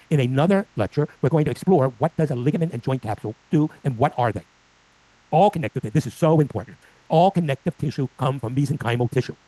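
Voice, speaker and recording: A man's voice: fairly high pitch, dark tone, breathy edge, low-quality recording. An older man giving a live lecture to clinicians with slides, asking the audience questions and acting out patients' complaints. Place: lecture room.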